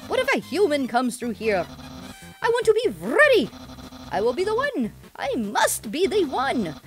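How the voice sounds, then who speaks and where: Casting: a woman playing a raised, shouty, boastful skeleton guy in a game. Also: high-pitched, pitched above the performer's own voice, heavily acted. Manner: loud, shouty, grandiose. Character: loud boastful young male skeleton, eager and dramatic.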